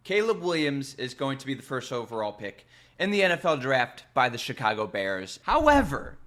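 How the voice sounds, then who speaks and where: A man who works as a sports radio producer, giving an animated, emphatic opinion rant with quick asides. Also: medium pitch. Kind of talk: casual opinion rant to camera.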